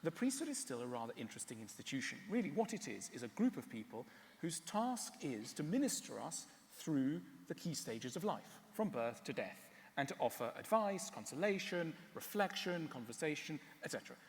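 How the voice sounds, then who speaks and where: A man giving a public talk and answering questions, wry and animated, often stopping on fillers. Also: on the high side, normal speed, in a large hall. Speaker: speaker. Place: large hall.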